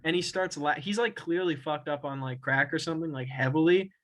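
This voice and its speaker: A man's voice: on the high side, fairly quick, a bit bright, rough recording. Rambling young man telling a wild story. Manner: rambling, swears a lot, laughs mid-story. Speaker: podcast co-host. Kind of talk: casual storytelling chat. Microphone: own camera and mic at home.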